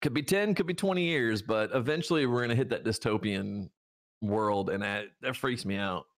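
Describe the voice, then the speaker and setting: A man's voice: medium pitch, moderate pace. A man from the United States co-hosting a podcast in casual chat. He rambles, restarts his sentences often and laughs a lot. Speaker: podcast co-host.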